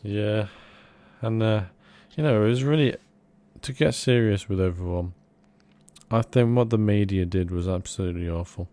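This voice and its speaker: A young man co-hosting a casual comedy podcast, rambling in a mock-earnest, deadpan way. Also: fairly low pitch, normal speed. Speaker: podcast co-host.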